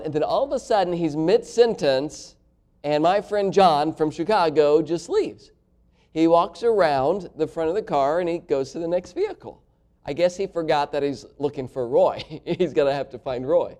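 A man's voice: a little high, moderate pace, warm tone. A man preaching a sermon, telling a personal story in a folksy way, with many fillers and chuckles. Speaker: pastor.

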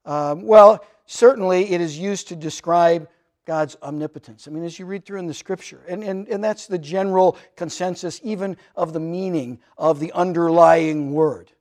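A man's voice: on the high side, moderate pace, a little mellow. A man preaching a sermon in a conversational way, often restarting words and acting out quoted lines. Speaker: pastor.

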